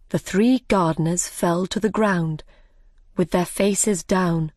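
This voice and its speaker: Woman reading an easy story, really slow and clear, dry close sound. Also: on the low side, darkish tone, no room sound. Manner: clear, deliberate. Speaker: narrator. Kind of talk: slow graded-reader story narration.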